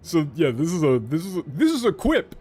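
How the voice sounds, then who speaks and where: Profane, animated male game streamer. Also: a little high, a little fast, husky. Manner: animated, profane, explaining at length. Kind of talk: casual game commentary.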